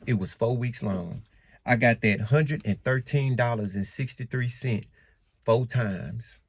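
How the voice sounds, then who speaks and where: A man vlogging casually to camera in African American Vernacular English, animated and emphatic, often repeating himself. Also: mid-range voice, a little slow, gravelly, breathy edge, dry recording. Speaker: credit and finance vlogger.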